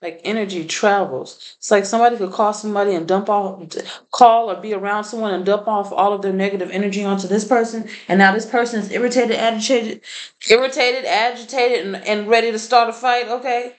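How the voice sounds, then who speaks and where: A woman's voice: medium pitch, steady tone, a little fast, poor audio. Blunt, profane woman reading tarot. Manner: blunt and profane, laughs often. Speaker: tarot reader.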